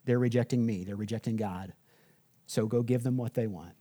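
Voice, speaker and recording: A man preaching a sermon voices God as a sorrowful, fatherly figure, speaking low and hushed. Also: brisk, close to an everyday voice.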